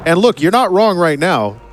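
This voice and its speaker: A man's voice: high voice, very animated, measured pace, soft background music. A man hosting a live charity gaming marathon, reading out donations with a playful, joking manner. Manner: playful, jokey, laughs often. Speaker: event host reading donations.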